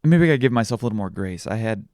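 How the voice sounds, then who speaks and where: A man's voice: fairly low pitch, animated, rapid-fire, a little mellow, no room sound, studio quality. A young man hosting a podcast, telling candid, self-deprecating stories in a confessional, casual way. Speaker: podcast host. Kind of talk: casual personal podcast talk.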